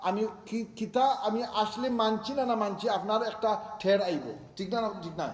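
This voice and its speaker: A man giving a sermon to a congregation in a mosque, speaking emphatically and quizzing his listeners with repeated questions. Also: sits high. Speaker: religious teacher. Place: mosque hall. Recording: echoey hall reverb.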